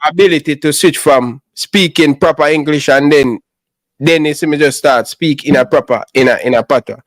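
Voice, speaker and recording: A young Jamaican man with a fairly high voice tells a rambling story in thick patois, circling back over his own words. The sound is dry and close, with no room around him. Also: normal speed, dry recording. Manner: storytelling in patois, repeats himself. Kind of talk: casual chat.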